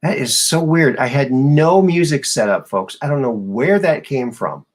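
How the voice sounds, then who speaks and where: A man hosting a casual live-stream chat show, quick to exclaim and ramble when something surprises him. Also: medium pitch, animated. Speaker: host.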